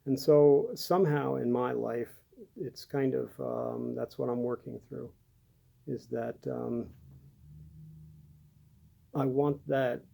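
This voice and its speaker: Male pastor, gentle halting delivery, mellow tone with heavy fry. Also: mid-range voice, fairly even intonation. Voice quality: gravelly. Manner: gentle, halting with many fillers. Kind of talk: devotional talk to camera.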